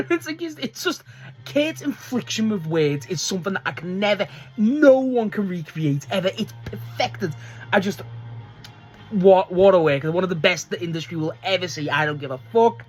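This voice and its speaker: The host of a wrestling fan page, rambling casually and excitably, swearing freely and often restarting sentences. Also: medium pitch, moderate pace, slightly rough.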